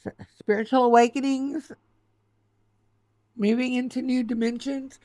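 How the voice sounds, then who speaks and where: A woman's voice: sits high, steady tone, a little slow, mellow, dry recording. A woman giving a tarot reading, choked up and tearful, repeating soothing affirmations. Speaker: tarot reader.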